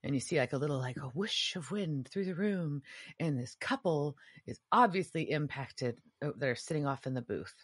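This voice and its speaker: A woman with a low-pitched voice chats casually on a podcast. Her pitch moves around a lot as she recaps a TV episode, dropping into quick impressions of the characters' lines. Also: lively intonation, slightly rough. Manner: retells scenes acting out quotes. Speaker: podcast co-host.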